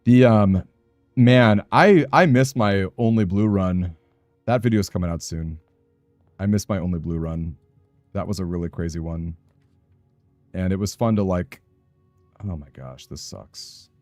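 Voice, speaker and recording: A man's voice: low-pitched, measured pace, long pauses, darkish tone, dry recording, faint music behind. A man with a Southern Californian accent, chatting in a rambling, casual way with his live-stream audience while he plays a game. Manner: chatty, rambling, answers chat aloud.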